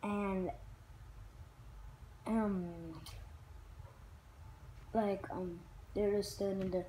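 A woman talking in a rambling personal vlog, halting with many fillers and restarts. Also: mid-range voice, level tone, dark tone, a little hiss or hum, rough recording. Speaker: vlogger.

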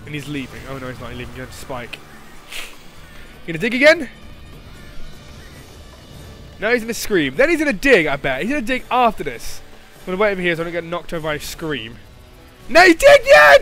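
A man's voice: fairly high pitch, bright, forceful tone. A man doing gameplay commentary, frustrated and exclaiming at the game. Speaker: gaming commentator.

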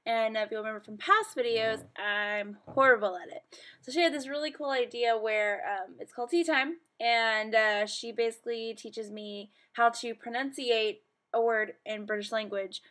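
Young southern girl vlogging, chatty and rambly, lots of ums, slightly high voice. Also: moderate pace, a bit bright. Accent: Southern American. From southern United States. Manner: rambling, many fillers and um's. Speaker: vlog host. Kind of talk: casual vlog chat.

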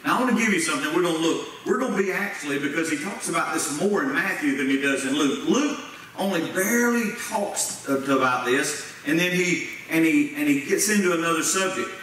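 Preaching in a church sanctuary, this man speaks briskly and with animation, his voice on the high side and fairly bright. As pastor he keeps things folksy and plain, using Southern-style grammar and quizzing the congregation. The sound is echoey and far away, with a little noise.

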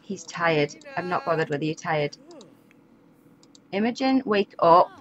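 A woman's voice: on the low side, animated, unhurried, fairly bright tone, dull audio. A woman giving casual, chatty commentary over a life-sim game, often exasperated and laughing. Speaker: gaming YouTuber. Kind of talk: casual let's-play commentary.

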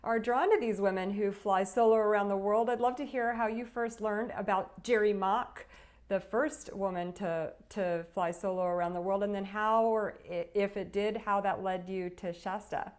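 A woman's voice: medium pitch, fairly even intonation, normal speed, a little mellow. A woman hosting an interview, praising her guests and asking them questions with enthusiasm. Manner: enthusiastic, encouraging. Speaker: interview host.

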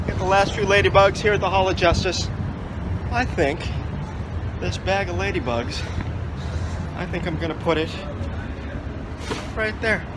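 A man's voice: high-pitched, unhurried, pauses often, background noise. A man, an activist, talking defiantly and sardonically outdoors by a city building while filming his own protest. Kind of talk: self-filmed protest documentary.

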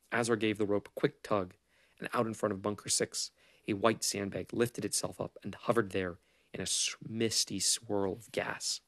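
A man narrating a novel as an audiobook in a measured, understated way. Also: lowish voice, creaky, no room sound.

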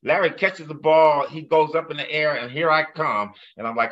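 Bright-voiced man telling a story, lo-fi sound. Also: fairly high pitch, lively intonation, normal speed. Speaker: former player telling a story. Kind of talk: animated storytelling.

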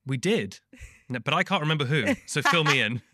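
Man, podcast co-host, lively pitch, bright tone, dry close sound. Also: brisk, no room sound. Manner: playful, animated, mimics others in bursts. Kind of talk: casual chat.

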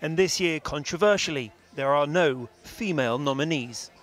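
A man reading a news voice-over as a reporter, with a crisp, informative delivery. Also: fairly high pitch, moderate pace, a bit bright. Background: music bed.

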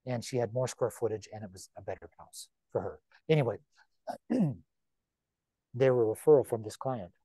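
A man's voice: medium pitch, husky, no room sound. Chatty man leading an agent training. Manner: chatty, animated, with quick repeats and asides. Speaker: real estate broker leading agent training. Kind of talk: informal training talk to a room of agents.

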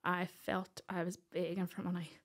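A Northern Irish woman in her thirties, appearing as a podcast guest, tells a personal story in an animated way, acting out the voices of the people in it. Her voice is lowish and her pace moderate.

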